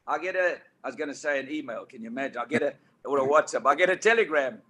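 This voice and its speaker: A man in his eighties with a South African accent, telling anecdotes as an interview guest in a lively, animated way. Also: medium pitch, quick pace. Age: 80s. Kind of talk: storytelling interview. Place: indoor studio couch.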